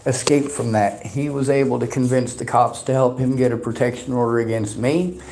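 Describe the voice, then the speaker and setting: A man's voice: mid-range voice, steady tone, moderate pace, darkish tone, a little hiss or hum. Aggrieved man rambling over a phone. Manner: rambling, aggrieved, talks in long runs. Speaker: activist reporting on police. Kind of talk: casual phone conversation, livestreamed.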